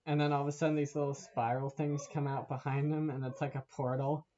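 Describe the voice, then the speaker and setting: Rambling, laughing man, slightly high voice. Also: little pitch movement, a little fast, dark tone, dull audio. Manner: rambling, laughs often, swears. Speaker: vlogger. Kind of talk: casual movie rant to camera.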